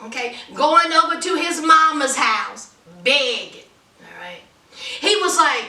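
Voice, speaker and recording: A woman's voice: high-pitched, lively intonation, unhurried, bright, forceful tone. A woman reviewing a reality show in a sassy, teasing way, full of playful slang. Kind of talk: casual commentary vlog. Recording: roomy, from a distance.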